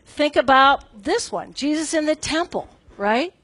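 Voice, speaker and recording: A woman's voice: high-pitched, expressive, unhurried, a bit bright, no room sound. A middle-aged woman gives a casual devotional talk at a Bible study. She is conversational and self-deprecating, and often checks in with "right?".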